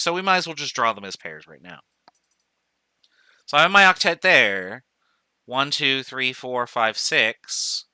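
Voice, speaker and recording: A man gives a recorded chemistry lecture in a very bright, crisp and smooth voice. He talks through each step aloud, counting off items and correcting himself as he goes. The sound is dry and close. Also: mid-range voice, no echo. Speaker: chemistry professor.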